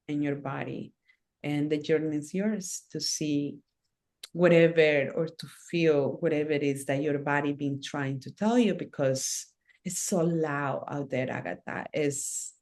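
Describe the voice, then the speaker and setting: A woman guest in a conversational interview whose voice sits low for a woman. She takes her time and lays out her thoughts slowly and earnestly, in short phrases broken by fillers. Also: a little mellow. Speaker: interview guest, ceremony facilitator.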